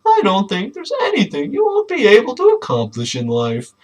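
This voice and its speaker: A man reading aloud mockingly, voicing a preachy, proud dinosaur father in a high, sing-song voice. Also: huge pitch swings, normal speed, low-quality recording. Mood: gushing. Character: overly cheerful dinosaur dad, preachy and proud.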